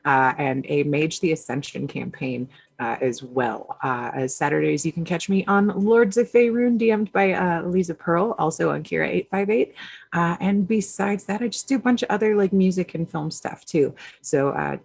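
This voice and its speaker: A woman with a gravelly, husky voice introduces herself as a tabletop player, hesitant and full of fillers. Her voice sits a little low. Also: normal speed. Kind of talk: casual introduction chat.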